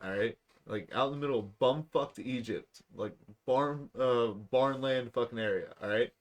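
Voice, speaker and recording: A young man co-hosting a podcast, telling stories in casual, profane, animated chat. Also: mid-range voice, normal speed. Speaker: podcast co-host.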